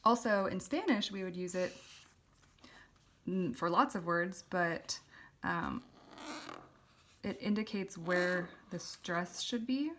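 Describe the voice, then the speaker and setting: A woman's voice: on the low side, slow pace, long pauses, a bit bright, a little hiss or hum. A woman teaching a lettering lesson, explaining step by step in a patient way, with the odd filler. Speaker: calligraphy teacher.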